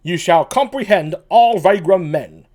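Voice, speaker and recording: Pompous British-accented constable, man voicing, loud, lively pitch. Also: unhurried. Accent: put-on British. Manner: loud, well-spoken, pompous. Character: pompous bumbling male constable, loud and self-important.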